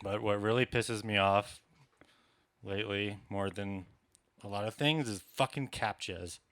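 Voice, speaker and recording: A man doing stand-up with a bright, forceful voice that comes through smooth and crisp. He rants in an exasperated way and swears often. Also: fairly low pitch, measured pace. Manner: exasperated ranting, profane. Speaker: stand-up comedian. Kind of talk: stand-up set. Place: comedy club stage.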